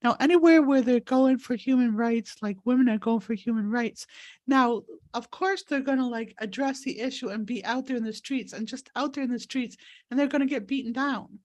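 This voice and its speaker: A woman's voice: fairly high pitch, normal speed, darkish tone. A woman hosting a live healing session over a video call, talking in an earnest, rambling way while crying. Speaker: spiritual healer and host.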